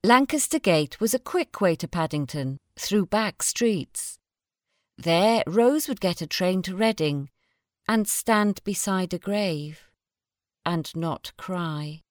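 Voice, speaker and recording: Slow, low-voiced woman reading a story. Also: expressive, no echo, clean studio sound. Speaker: story reader. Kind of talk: scripted narration.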